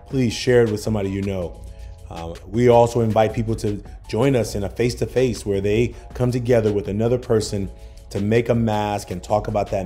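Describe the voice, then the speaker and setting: A man hosting a podcast, talking in a reflective, casual way and letting his sentences trail off softly. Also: fairly low pitch. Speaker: podcast host. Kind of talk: casual interview chat.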